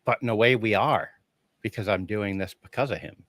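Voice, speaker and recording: A man with a lowish voice tells a story as a guest. He acts out the lines of the people in it and laughs along the way. The sound is dry and close. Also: fairly quick, no echo. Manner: animated storyteller who acts out quoted dialogue, laughing often. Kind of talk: casual conversation.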